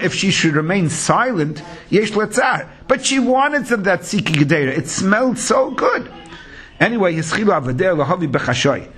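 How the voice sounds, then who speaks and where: A rabbi leads a Talmud class in Yeshivish English, chanting passages melodically and peppering them with Hebrew and Yiddish words. His voice runs on the high side, slightly bright and a little rough.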